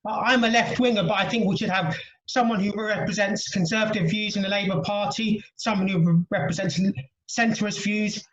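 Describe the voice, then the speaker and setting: A man's voice: high-pitched, roomy sound, dull audio. A man, a comedian, delivering dry political jokes on a video call.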